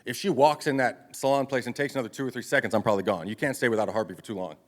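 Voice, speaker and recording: A man's voice: mid-range voice, very fast. A man in his thirties giving a live motivational speech to an audience, telling his life story in a blunt, profane, confessional way. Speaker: motivational speaker. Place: event stage before an audience.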